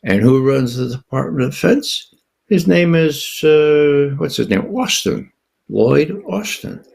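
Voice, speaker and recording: An older man with a gravelly, husky voice that swings widely up and down as he talks. He gives political commentary as a guest and drives his points with rhetorical questions. His tone is sardonic and incredulous. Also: on the high side, animated, slow pace, a little mellow. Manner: emphatic, asks himself rhetorical questions.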